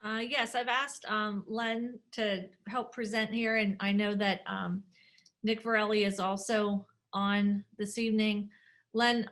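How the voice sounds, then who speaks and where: A woman's voice: mid-range voice, a bit bright. A woman from the school staff coordinating a presentation on a video call, in a practical, helpful way. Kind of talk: meeting talk.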